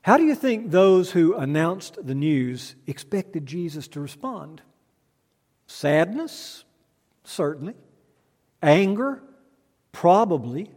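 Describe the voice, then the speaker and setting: A man delivers a sermon in a large church, speaking in a fairly high register. His delivery is measured, built on rhetorical questions with the occasional dry aside. A long reverb hangs behind every phrase. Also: very animated, darkish tone. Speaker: preacher. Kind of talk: sermon with spoken litany.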